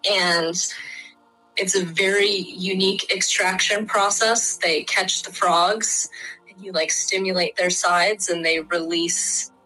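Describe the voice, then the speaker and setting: A woman's voice: fairly low pitch, fairly even intonation, slow, sharp tone, soft background music, poor audio. A woman with a Midwestern American accent, a guest in an interview, explaining things in a chatty, frank way with lots of fillers.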